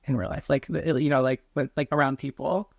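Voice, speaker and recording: A young man from Tennessee chatting alone in his bedroom, rambling quickly and stumbling over his words. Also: medium pitch, steady tone, creaky, dull audio. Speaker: podcast host. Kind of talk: solo casual chat to camera.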